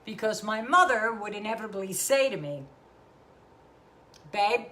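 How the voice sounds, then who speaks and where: A woman's voice: medium pitch, expressive, a little slow, sharp tone. A middle-aged woman hosting a live-streamed talk show, effusively calling out viewers by name.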